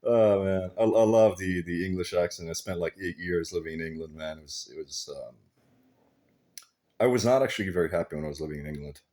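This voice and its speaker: A man's voice: low-pitched, fairly quick, mellow. A man talking in a casual, rambling vlog monologue, swearing freely and laughing often. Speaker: vlogger.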